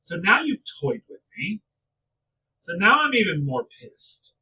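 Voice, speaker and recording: Man, podcast co-host, casual chat, animated profane rant, bright voice, a bit far from mic. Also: high voice, a little slow. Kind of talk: casual wrestling review chat.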